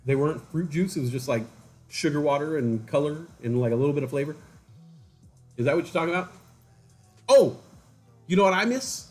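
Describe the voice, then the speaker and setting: A man's voice: fairly high pitch, fast talker, darkish tone, soft background music. A man casually chatting to viewers on a livestream, telling rambling stories and mimicking other people's voices. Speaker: livestream host.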